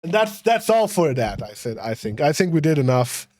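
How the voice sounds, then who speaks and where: A man's voice: fairly high pitch, sing-song, normal speed, darkish tone. A young man streaming a game, chatting casually with viewers, rambling and swearing freely. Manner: swearing, rambling, talking to chat. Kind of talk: casual livestream commentary.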